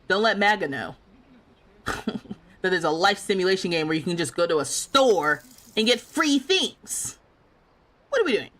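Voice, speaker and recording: Lively, bright-voiced woman streamer. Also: mid-range voice, a little slow, pauses often, slight background noise. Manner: animated, laughing, playfully indignant, talks back to chat. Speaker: livestreamer playing a life sim game. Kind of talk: casual live game commentary, reading chat.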